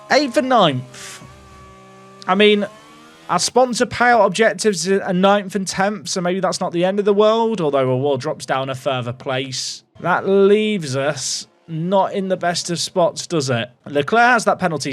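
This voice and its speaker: A man hosting and commenting on his racing management game, thinking aloud about strategy with wry asides to his chat. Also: fairly high pitch.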